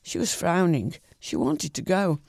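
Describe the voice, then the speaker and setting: A man reading a short story aloud in a calm, even way, with the odd small slip. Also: on the high side, unhurried, creaky, no room sound.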